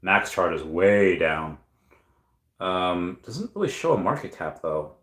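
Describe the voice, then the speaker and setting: A man with a lowish voice chats loosely through a livestream, reading out viewer comments and musing aloud. He pauses often with ums and uhs. His voice rings a little in a room with noticeable echo. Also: very animated, fairly bright tone. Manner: rambling, thinking aloud with many fillers. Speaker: crypto livestream host. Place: room at home at night.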